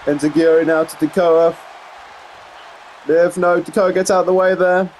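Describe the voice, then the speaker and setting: A man giving play-by-play commentary over a wrestling video game, getting excited on big moves and rambling into asides full of fillers. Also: high-pitched, moderate pace, a faint crowd, slight background noise. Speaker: gameplay commentator.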